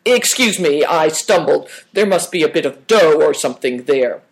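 A man's voice: fairly high pitch, lively intonation, normal speed, rough recording. Brief: meek, cautious youth in a storybook, a male narrator puts him on. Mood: wary. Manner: meek, overly polite. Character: polite wary young male sidekick.

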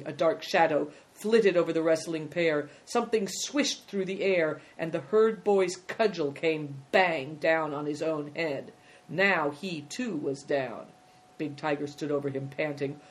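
A woman narrating a children's storybook in a measured reading voice. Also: deep voice.

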